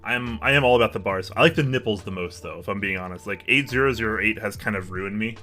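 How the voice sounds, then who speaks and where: A man's voice: on the low side, fast, sharp tone, faint music behind. A man hosting a live stream in casual chat, thinking aloud and asking viewers for their opinions with frequent restarts. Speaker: livestream host.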